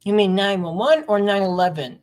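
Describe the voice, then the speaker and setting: A woman giving a casual, rambling reaction commentary as a space fan. She is sarcastic, leaps into high disbelieving tones, and trails off into quiet mumbled fillers. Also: expressive, brisk. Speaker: space enthusiast reacting to a film.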